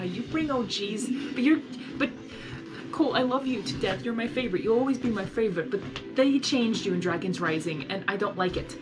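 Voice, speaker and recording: A woman's voice: medium pitch, expressive, a little fast, over music. A young woman giving casual live reaction commentary, chatty, saying "like" a lot and talking back to the characters. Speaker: reaction video host.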